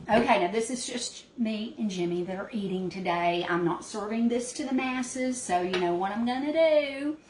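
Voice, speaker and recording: In an echoey space with noticeable background noise, a woman with a slightly high, somewhat mellow voice demonstrates cooking in her small cabin kitchen. She keeps a moderate pace with few pauses, staying casual, homey and chatty, and addresses viewers as "y'all."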